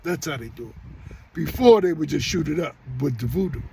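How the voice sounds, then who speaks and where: A man's voice: a little high, animated, a little fast, gravelly, noisy background. A middle-aged man telling a rambling story straight to his viewers, often repeating and restarting himself. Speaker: vlogger. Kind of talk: casual storytelling monologue.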